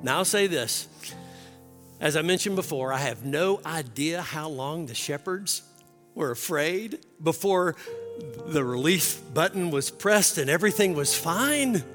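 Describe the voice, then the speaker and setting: A man's voice: a little high, expressive, a little slow, a bit bright, long reverb tail, soft background music. A man preaching a sermon as pastor, earnest and building to impassioned emphasis.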